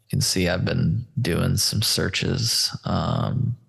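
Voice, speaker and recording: Gravelly guy hosting a podcast, rambly and swears a lot, kinda low. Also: fairly even intonation, slow, a bit bright. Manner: loose, rambling, profane, talks to listeners as folks. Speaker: podcast host. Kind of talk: casual chat while screen sharing.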